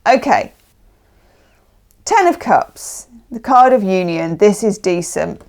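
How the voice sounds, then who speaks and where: A woman's voice: medium pitch, expressive, slow, a little mellow. A woman giving a casual, chatty tarot reading, emphatic and often checking in with the listener. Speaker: tarot reader.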